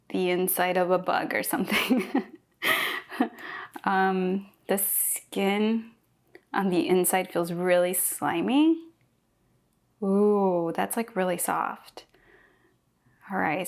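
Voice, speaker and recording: A young woman from Mexico, chatty and excited, thinking aloud while tasting a fruit for a food vlog. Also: mid-range voice, slow pace, pauses often. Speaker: cooking vlogger. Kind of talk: casual first-impressions tasting vlog.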